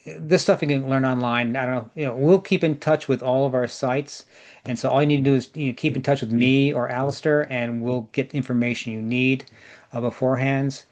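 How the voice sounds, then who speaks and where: A man's voice: mid-range voice, fairly even intonation, normal speed, darkish tone. Guy running a group tour, casual jokey tips over a video call, says please please please a lot. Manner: chatty, jokey, repeats words for emphasis. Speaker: tour organizer.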